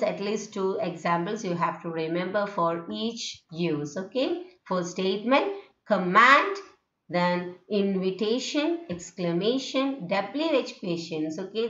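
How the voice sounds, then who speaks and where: In this lesson on intonation, a woman explains how English intonation works, frequently filling gaps with "okay" and reading example phrases out loud. She has a mid-range, somewhat bright voice. The room echoes and the sound is dull and lo-fi.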